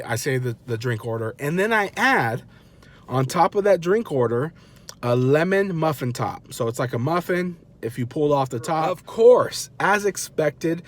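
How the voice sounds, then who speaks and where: A man in his thirties telling a story in a casual, animated, self-mocking way and acting out the people he quotes. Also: fairly high pitch. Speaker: vlogger dad.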